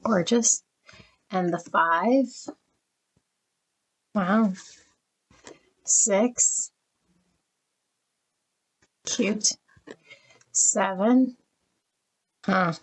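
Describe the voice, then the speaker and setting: A woman's voice: medium pitch, very slow, long pauses, poor audio. A middle-aged woman reading tarot, gushing over each card and getting emotional as she flips through a deck. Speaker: tarot reader.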